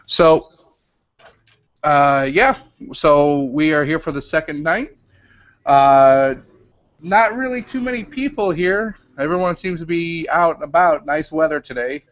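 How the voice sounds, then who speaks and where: A man's voice: fairly high pitch, measured pace, no echo. A man hosting a casual livestream from his garage, talking in a loose, rambling way with lots of ums and uhs. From Illinois. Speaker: host. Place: home garage with door open. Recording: dull lo-fi webcast mic.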